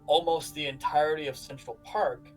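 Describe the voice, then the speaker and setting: A man acting as game master, describing a map haltingly with restarts. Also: fairly high pitch, fairly even intonation, soft background music, low-quality recording. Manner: halting, full of fillers and restarts while describing. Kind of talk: narrating a tabletop game.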